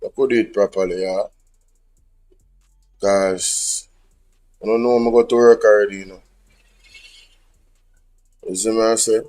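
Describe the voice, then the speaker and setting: A man with a Jamaican accent talking haltingly as a podcast guest while fiddling with his phone. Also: on the low side, steady tone, darkish tone, soft background music. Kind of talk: casual chat.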